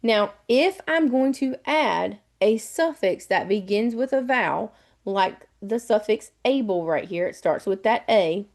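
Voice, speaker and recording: Southern US woman, test prep tutor, chatty, repeats each step, mid-pitched. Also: animated, measured pace, darkish tone. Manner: chatty, repetitive step-by-step explaining. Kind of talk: live online webinar lesson.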